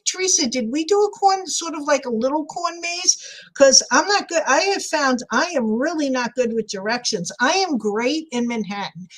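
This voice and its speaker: A woman's voice: a little high, low-quality recording. Chatty New York woman crafting live. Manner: chatty, rambling, laughs often, answers viewers by name. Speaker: craft livestream host. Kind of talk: casual chat while crafting and reading live chat.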